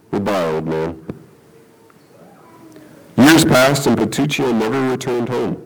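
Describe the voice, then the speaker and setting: A man's voice: medium pitch, rough recording. A man preaching a sermon, telling a story and then reading scripture in a conversational way. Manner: conversational, checks in with "okay?". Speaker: pastor.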